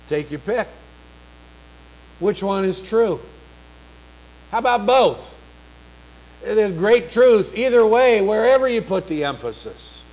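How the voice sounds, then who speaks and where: Slow-preaching man, higher voice. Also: expressive, darkish tone, poor audio. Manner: slow, emphatic reading of scripture with rising, pleading passages. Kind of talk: sermon.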